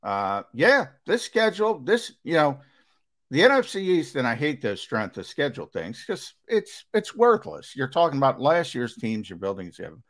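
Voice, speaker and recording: Lively-pitched man explaining on sports radio. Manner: measured, explanatory, with fillers and restarts, lively pitch. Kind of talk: sports talk radio analysis.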